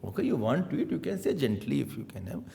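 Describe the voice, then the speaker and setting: A man giving a spiritual sermon, animated and acting out little scenes as he teaches. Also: mid-range voice, quick pace, vocal fry. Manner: animated, acts out little scenes, chuckles often. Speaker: swami giving spiritual talks.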